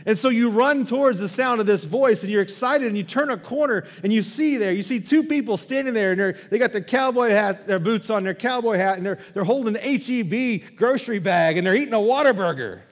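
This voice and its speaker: High-voiced pastor in a reverberant hall. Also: male voice, a little fast, hardly any pauses. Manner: conversational storytelling with repeated restarts. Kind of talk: sermon. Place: church sanctuary. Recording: long church hall reverb.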